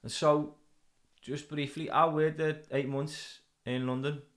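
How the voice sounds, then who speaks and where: A man's voice: a little high, little pitch movement, unhurried, a bit bright. A man with a Liverpool accent hosting a casual interview, talking bluntly and swearing freely. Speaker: host.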